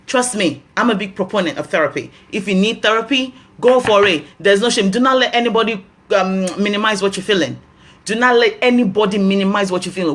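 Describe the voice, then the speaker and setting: A woman's voice: mid-range voice, fast. A woman with a Nigerian accent hosting a health talk, giving earnest advice and repeating key phrases for emphasis.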